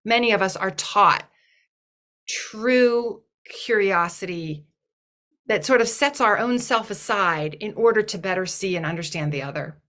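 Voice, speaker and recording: Bright-voiced earnest woman speaker. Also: mid-range voice, measured pace. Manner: thoughtful, earnest, often restarts phrases. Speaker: webinar guest speaker. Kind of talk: reflective webinar talk.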